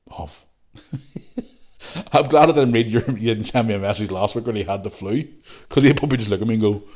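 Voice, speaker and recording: Chatty Northern Irish man, lowish voice. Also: warm tone. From Northern Ireland. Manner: chatty, jokey, rambling asides. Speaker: podcast host. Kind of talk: casual chat reading listener messages.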